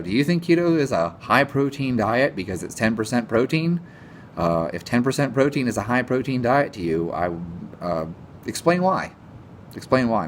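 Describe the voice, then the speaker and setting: A man's voice: on the low side, slight background noise. A man ranting casually to camera about nutrition, sarcastic and exasperated, and he swears now and then. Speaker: nutrition vlogger.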